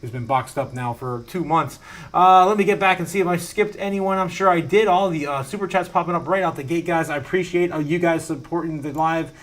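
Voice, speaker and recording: A man's voice: on the high side, a little fast, a bit bright. A man hosting a casual live stream from his home studio, reading out viewer messages, rambling with lots of fillers and frequent laughter. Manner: rambling, laughs often, many fillers and restarts.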